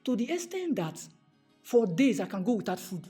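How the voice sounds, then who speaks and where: A Nigerian man giving a motivational talk to a live audience, animated and fond of repeated rhetorical questions, slipping into pidgin. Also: high-pitched, moderate pace, soft background music. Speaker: motivational speaker.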